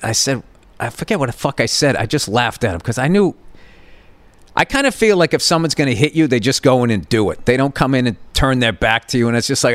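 A man's voice: medium pitch, animated, brisk, dry recording. Profane rambling middle-aged man. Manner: profane, rambling storyteller with many restarts. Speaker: podcast host. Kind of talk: rambling comedic monologue.

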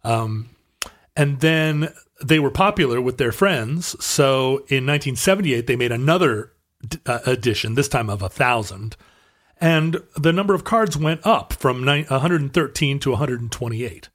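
A man's voice: medium pitch, animated, moderate pace, fairly bright tone. Man musing in casual podcast chat. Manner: explanatory, hesitant with fillers and restarts. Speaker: podcast co-host.

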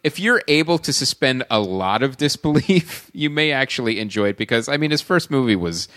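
A man on a casual movie podcast whose voice rises and falls a lot as he talks. He reviews films in a relaxed, halting way, full of ums and filler words. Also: mid-range voice. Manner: laid-back, hesitant, lots of filler words. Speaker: podcast co-host.

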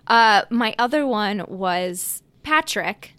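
A woman hosting a podcast in casual chat, quick and chatty, reading out listener messages. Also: mid-range voice, lively intonation, a bit bright, smooth, no room sound. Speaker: podcast host.

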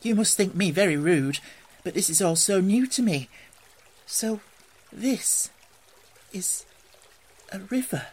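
A timid, wide-eyed young male mole, as a storybook reader puts him on, speaking in a raised, eager voice that leaps up with excitement and wonder. He sounds new to everything and delighted by it. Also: mid-range voice, normal speed, voice pushed up, natural voice. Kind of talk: storybook reading.

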